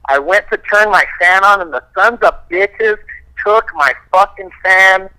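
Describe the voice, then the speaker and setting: A man, a fighter guest, casually telling profane, animated stories full of quoted dialogue. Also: high voice, a little slow, smooth, poor audio. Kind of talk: casual storytelling.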